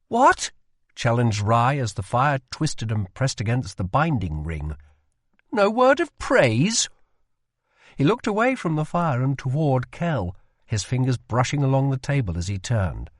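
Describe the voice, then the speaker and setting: A man narrating a fantasy audiobook in a measured, expressive storytelling manner. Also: medium pitch, no room sound, studio quality.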